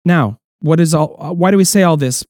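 A man's voice: fairly high pitch, fairly quick, darkish tone, no room sound, studio quality. A man preaching a sermon as pastor, explaining earnestly, with restarts, and acting out quoted voices.

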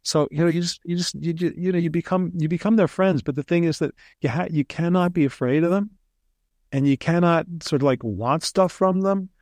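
A man being interviewed as a ghostwriter, telling animated stories with frequent restarts. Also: fairly high pitch, fairly quick, dry recording, studio quality. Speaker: ghostwriter guest. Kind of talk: casual interview storytelling.

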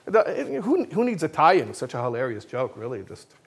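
A man giving a religious talk with jokes, speaking in a casual, self-mocking and energetic way. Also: fairly high pitch, a little fast.

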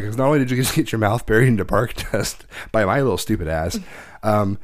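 A man's voice: medium pitch, expressive, quick pace. Rambling, profane man telling stories. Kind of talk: casual storytelling chat.

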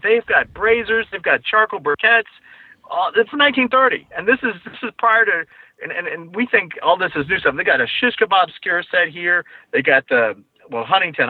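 Excited man rambling over a phone line. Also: a little high, breathy edge, no echo. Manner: enthusiastic, rambling with restarts. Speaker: guest, barbecue grill and book collector. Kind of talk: casual podcast conversation.

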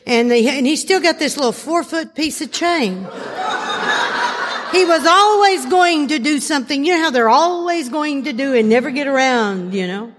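A woman speaker at a recovery workshop, telling a long story with lively laughter. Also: high-pitched, normal speed. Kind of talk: storytelling talk to a live audience. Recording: hall reverb, faint noise.

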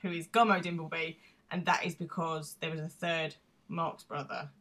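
A woman co-hosts a podcast and chats in an amused, easygoing way. She often stops to explain local references. Her voice sits slightly low for a woman. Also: flat delivery, moderate pace, a bit bright. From Britain. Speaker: podcast co-host. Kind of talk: casual podcast recap chat.

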